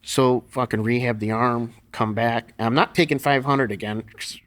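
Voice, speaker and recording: A man's voice: mid-range voice, steady tone, normal speed, a bit bright. Middle-aged man, podcast guest, salty and blunt storyteller, easy laugh, everyday mid-range voice. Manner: profane, blunt, laughs through his stories. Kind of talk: casual storytelling interview.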